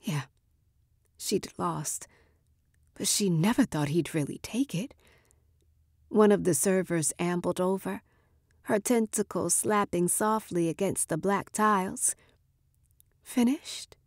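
A woman narrating a short story in a measured, expressive reading. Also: lowish voice, dry recording, clean studio sound.

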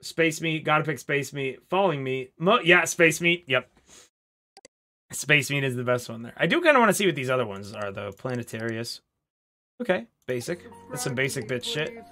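Excitable man with a lively bright voice. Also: medium pitch, normal speed, soft background music. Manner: excitable, profane, swings between shouts and mutters. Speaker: game streamer. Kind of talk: casual gaming commentary. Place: home streaming setup with green screen.

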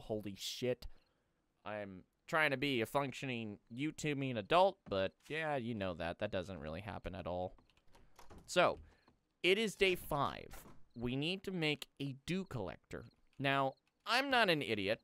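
A young man talks through his game on a headset mic, his clear, resonant voice swinging up and down in pitch as he rants. He sounds exasperated and swears freely, in a casual let's-play style. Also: fairly bright tone. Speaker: host. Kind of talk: casual gaming commentary.

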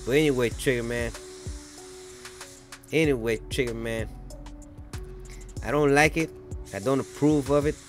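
A man's voice: medium pitch, unhurried, long pauses, soft background music, pitched above the performer's own voice, close to an everyday voice. A man voicing an irate male viewer who heckles a painter with swearing and mock outrage. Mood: grumbling.

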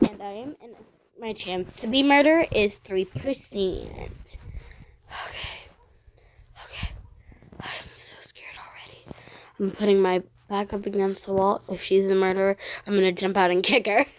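A woman narrating her online game as she plays, excitable and easily frightened, giving running commentary. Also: mid-range voice, moderate pace, noisy background. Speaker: gaming channel host. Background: dogs barking sometimes.

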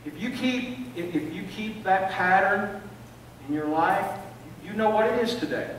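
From a distance in an echoing church sanctuary, an older pastor delivers a sermon in a high, expressive voice at a measured pace. He tells stories and often repeats words to build his point, with slight background noise in the recording.

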